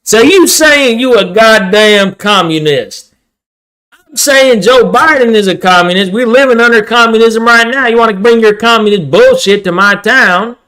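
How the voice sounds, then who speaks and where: A man putting on a gruff small-town conservative. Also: high voice, moderate pace, sharp tone. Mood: riled up. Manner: drawling, swearing, blustering.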